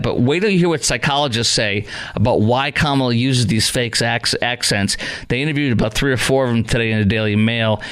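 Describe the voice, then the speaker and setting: A man's voice: medium pitch, a bit bright. Sarcastic male talk radio host. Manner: sarcastic, mocking, conversational. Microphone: studio microphone.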